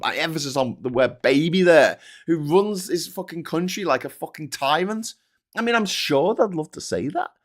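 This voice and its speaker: A man hosts a casual monologue, ranting and swearing a lot. He mimics people in high-pitched squeals.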